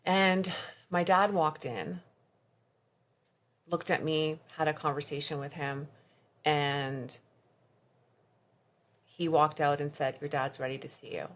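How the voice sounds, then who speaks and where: A woman guest on a podcast interview, telling her own story of trauma with emotion, her voice dropping soft and quiet at the hardest moments. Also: fairly even intonation, takes it slowly, pauses often. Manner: quotes others in her story, voice drops low and soft at hard moments.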